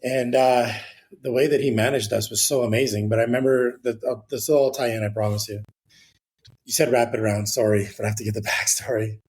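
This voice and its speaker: A man's voice: mid-range voice, fairly even intonation, brisk, darkish tone, husky. A man, a real estate agent guest on an interview podcast, telling a rambling anecdote in a casual way with the odd swear word.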